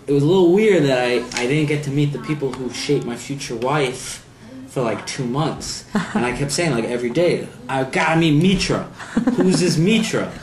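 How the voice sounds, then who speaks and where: A man's voice: medium pitch, moderate pace. A young man telling stories about his future in-laws with wry, self-mocking humor in a casual home interview. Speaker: interviewee, groom-to-be. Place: apartment room. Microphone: home video camera. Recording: roomy home video with faint noise.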